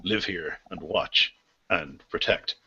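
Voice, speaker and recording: A man playing a solemn, husky old watcher. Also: sits low, sharp tone, lo-fi sound, heavily acted. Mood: grave. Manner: slow, grave, formal. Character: solemn male elder-guardian of a maze people.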